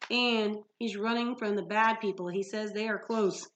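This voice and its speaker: A woman's voice: mid-range voice, fairly even intonation, moderate pace, slight background noise, close to an everyday voice. A woman voicing an earnest young male satyr who translates animal speech, in a storybook read-aloud.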